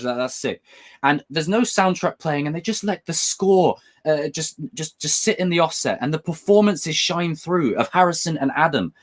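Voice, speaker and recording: A man hosting a casual livestream, talking to his chat in a lively, swooping voice. He is excitable and drops the odd swear word, and his pitch rises and falls a lot as he gets worked up. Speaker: livestream host.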